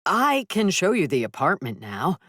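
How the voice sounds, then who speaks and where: A woman's voice: lowish voice, huge pitch swings, normal speed, fairly bright tone, no echo, studio quality, pitched above the performer's own voice, exaggerated voice. A woman voicing an earnest, flustered young male intern in an audiobook, speaking eagerly.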